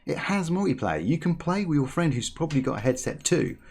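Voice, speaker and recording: A man hosting a gaming channel, ranting in rambling, animated commentary with many restarts. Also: on the high side, brisk, gravelly, breathy edge.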